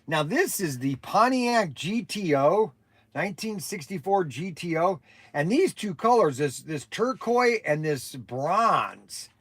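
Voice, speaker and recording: A man's voice: high voice, animated, slow, fairly bright tone, slightly rough, no echo. Chatty man hosting a livestream. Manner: chatty and rambling, with many restarts. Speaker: livestream host. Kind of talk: casual livestream chat.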